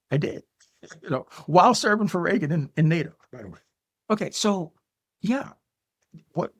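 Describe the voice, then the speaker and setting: A man's voice: on the high side, creaky, a bit bright, breathy edge. An older man hosting a podcast, giving solo political commentary in an emphatic way and addressing the listener directly with frequent "okay"s. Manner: emphatic, talks straight to the viewer with frequent "okay"s. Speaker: podcast host.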